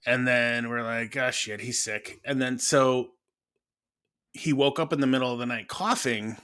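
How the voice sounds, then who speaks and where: Bright-voiced man telling a laid-back story. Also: medium pitch, fairly even intonation, a little slow, clear, resonant tone. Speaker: podcast co-host. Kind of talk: casual chat.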